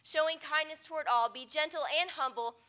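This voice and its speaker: Woman pastor, young adult, high bright voice, earnest conversational sermon delivery. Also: a little fast.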